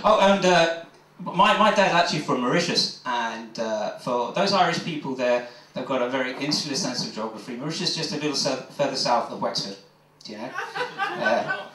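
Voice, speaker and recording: A man's voice: mid-range voice, a bit bright, far from the mic, slight background noise. A man doing rambling, self-mocking stand-up comedy on a pub stage, chatting with the crowd. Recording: roomy pub mic from afar.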